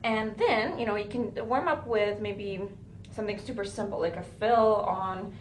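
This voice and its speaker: A woman's voice: mid-range voice, normal speed, slight background noise. A woman teaching a recorded drum lesson, explaining fills and checking in with "right?" as she goes. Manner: counts beats aloud, says "right?" often. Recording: roomy with drums playing.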